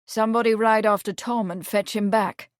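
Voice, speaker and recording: A calm, commanding gentleman who speaks soberly, as a woman reads him. The sound is dry and close, with no room around it. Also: medium pitch, normal speed, no echo, close to an everyday voice.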